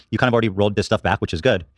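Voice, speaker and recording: A man hosting a podcast, talking directly and calmly and asking pointed questions. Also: on the low side, very fast, dry recording, clean studio sound. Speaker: podcast host. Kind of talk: podcast discussion.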